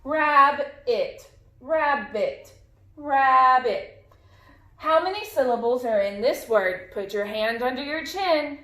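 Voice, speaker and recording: A woman's voice: fairly high pitch, animated, moderate pace, hardly any pauses, reverberant. A woman teaching a phonics lesson to young children, patiently modeling sounds and words.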